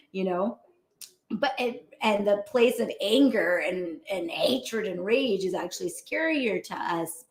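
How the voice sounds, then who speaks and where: A woman physician hosting a show, giving a casual motivational talk in a lively, chatty way and laughing often. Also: a little high, gravelly. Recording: roomy echo.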